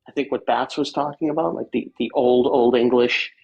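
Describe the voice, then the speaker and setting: A man, chatting casually and joking as a guest on a live stream, often halting and restarting. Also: medium pitch, fairly even intonation, gravelly, a little mellow, lo-fi sound, a little hiss or hum. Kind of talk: casual chat.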